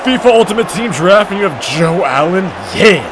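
A man with a very high, bouncing voice narrates his own football video game match, shouting and trash-talking as the plays unfold. His pitch swings widely, and a faint hiss sits under the recording. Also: animated, normal speed. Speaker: gaming commentator. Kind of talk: excited gameplay commentary.

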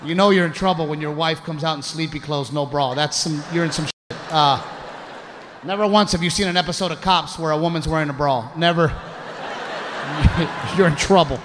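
A man performing a stand-up comedy set, telling a story loudly and shouting out impressions. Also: on the high side, steady tone, normal speed. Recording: live show with crowd noise. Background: audience laughter.

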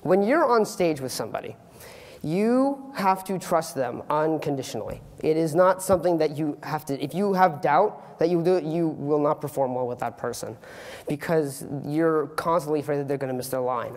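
A teenage boy giving an earnest, animated student talk on stage, with comic asides. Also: on the high side, long reverb tail. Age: teens. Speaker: student speaker. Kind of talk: youth public talk. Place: auditorium stage.

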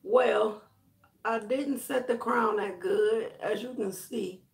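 Creaky-voiced woman ranting on her vlog. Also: a little high, slow pace. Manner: profane, frustrated ranting, addressing viewers and friends by name. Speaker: hair care vlogger. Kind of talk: casual vlog rant to viewers.

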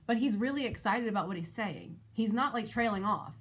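A woman vlogger and mother telling a personal story in a casual, animated, exasperated way. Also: brisk, husky. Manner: animated, exasperated retelling with shifting pitch. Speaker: parent of school-age kids.

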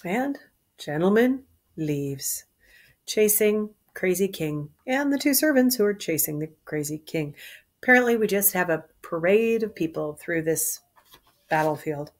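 A woman's voice: on the low side, expressive, measured pace. A woman casually explaining a play to listeners, with wry, chatty asides. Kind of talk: explaining a play between read passages.

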